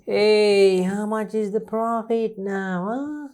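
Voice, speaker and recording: A man's voice: high-pitched, slow, few pauses, darkish tone, smooth. A man talks through an exam paper as a teacher. He repeats each point several times. He poses questions and answers them himself. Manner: repetitive, asks and answers his own questions. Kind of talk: recorded exam-paper lesson.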